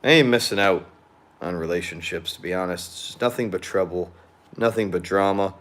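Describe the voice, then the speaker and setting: A man's voice: low voice, brisk, a bit bright. Young man venting, blunt and profane. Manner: drinking beer while chatting. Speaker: vlogger. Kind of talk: casual venting monologue.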